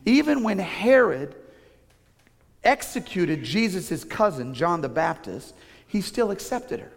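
A male pastor delivers a sermon laced with personal stories and self-deprecating humor. His voice sits a bit higher than most men's and stays animated throughout. The sound rings with the long reverb of a large church auditorium. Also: slow, vocal fry.

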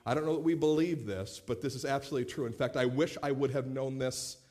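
A fast-talking pastor in his late thirties, with a mid-range voice, gives an animated sermon. He voices the people he quotes and repeats words as he opens phrases.

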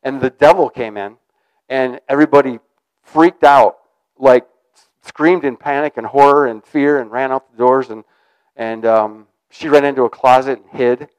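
Male preacher, casual, rambling delivery, smooth resonant tone, dry close sound. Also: medium pitch, moderate pace, darkish tone, no echo, rough recording. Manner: conversational, rambling with restarts. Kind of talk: informal sermon.

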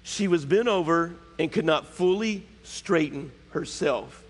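A man's voice: fairly high pitch, a little slow. A man preaching a sermon, emphatic and conversational, often questioning his congregation. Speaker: pastor. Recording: long hall reverb.

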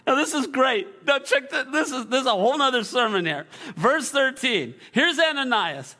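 A male pastor preaching a sermon with energetic, animated storytelling and frequent prompts to the congregation. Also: extremely high pitch, moderate pace, hardly any pauses.

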